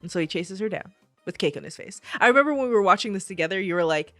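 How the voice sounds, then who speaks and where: A woman's voice: mid-range voice, very fast, dry recording, faint music behind. A woman co-hosting a podcast, chatting casually about a TV show, laughing often and quoting scenes. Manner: lively, laughs often, jumps in with quotes. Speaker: podcast co-host. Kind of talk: casual recap chat.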